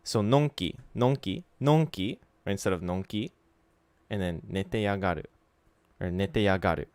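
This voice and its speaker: A man streaming a casual Japanese study session, talking in a relaxed, chatty way and sounding out pronunciation examples aloud. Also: low voice, quick pace, dry recording. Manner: frequent fillers like "like" and "so". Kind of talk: casual instructional livestream.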